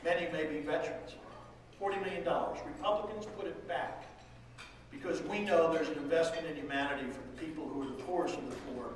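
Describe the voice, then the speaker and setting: A man's voice: fairly high pitch, fast talker, a little hiss or hum. A middle-aged man giving a folksy, rousing political rally speech as a state legislative leader, heard from some distance in a large room. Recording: echoey hall, far from the mic.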